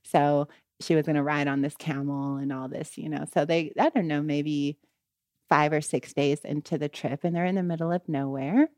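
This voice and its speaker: A woman telling a story in a casual, animated way, often adding "you know" and "right?" between phrases. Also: moderate pace, dry recording, studio quality. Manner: gets louder and higher when she quotes the people in the story.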